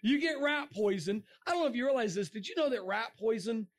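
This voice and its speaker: A middle-aged man giving a lively creationist talk to a young audience, joking and asking the crowd questions. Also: very high voice, a little fast. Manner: animated, asks the crowd questions, jokes. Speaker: creationist speaker.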